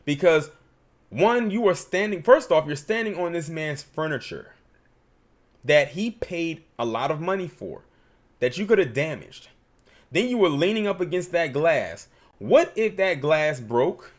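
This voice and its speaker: A man's voice: on the high side, sing-song, a little slow. A man hosting a livestream, giving emphatic, opinionated commentary and reading super chats.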